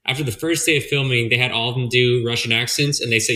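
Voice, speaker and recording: A man's voice: medium pitch, quick pace, echoey room. A man co-hosting a casual movie review chat, rambling and profane as he tells his take. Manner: rambling, profane, animated storytelling. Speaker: podcast co-host.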